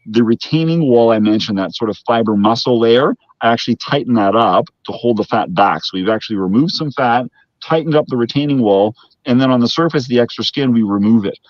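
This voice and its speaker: A man's voice: fairly low pitch, dry recording, lo-fi sound. A man from Canada, a plastic surgeon, explaining procedures methodically in an interview, with frequent restarts.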